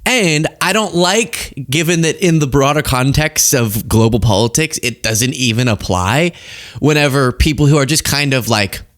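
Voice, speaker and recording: A man hosting a political commentary show, talking in an animated, exasperated, rambling way. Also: mid-range voice, normal speed.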